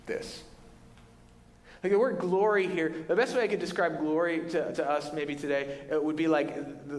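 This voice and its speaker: A man preaching a sermon as pastor, telling the story in a lively, casual way and acting out the voices of the people in it. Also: on the high side. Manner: animated storytelling, voicing Moses and God in casual paraphrase. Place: large church hall. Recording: church hall reverb.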